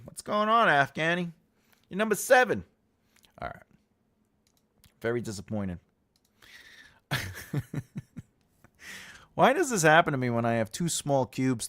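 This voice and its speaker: Playful man hosting a livestream chat. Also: fairly bright tone. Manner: playful, laughs often, booming mock-epic proclamations. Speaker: livestream host.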